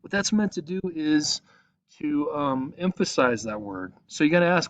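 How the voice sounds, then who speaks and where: In a screen-recorded online lesson made at his computer, a male teacher patiently explains each step and keeps checking in with "okay?". He speaks at a moderate pace with a fairly high voice and lively intonation.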